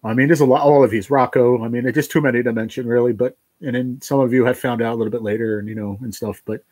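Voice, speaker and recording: A man's voice: mid-range voice, fairly even intonation, darkish tone, no echo. Tearful man, dry close sound. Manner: tearful, heartfelt, halting with restarts. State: crying. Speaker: livestream host reading chat. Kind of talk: emotional livestream chat.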